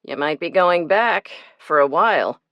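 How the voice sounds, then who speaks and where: A woman narrator voicing a gruff small-town male police chief who speaks slowly and warningly. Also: on the low side, animated, no room sound, muffled recording.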